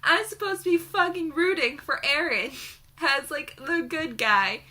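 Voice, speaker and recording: A young woman with a high, very bright voice tears into a book in a heated, sarcastic rant, swearing in almost every sentence. Her delivery stays high and piercing as the rant goes on. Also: measured pace. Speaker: book reviewer.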